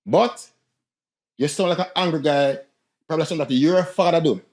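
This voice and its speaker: A man's voice: a little high, moderate pace. A man with a Jamaican accent, co-hosting a podcast and lecturing animatedly between laughs. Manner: animated, lecturing, laughs at his own jokes. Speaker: podcast co-host. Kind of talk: casual podcast discussion.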